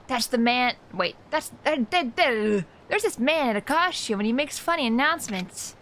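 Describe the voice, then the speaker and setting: A woman's voice: on the high side, expressive, unhurried, fairly bright tone, slight background noise. A woman streaming a game live, chatting casually in a passionate way and laughing often. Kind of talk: casual live-stream chat while gaming.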